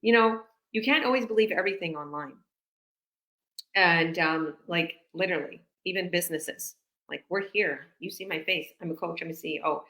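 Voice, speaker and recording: On a live video call, a woman business coach chats casually and rambles, acting out little conversations along the way. Her voice is somewhat low for a woman and a bit bright, at a normal speed.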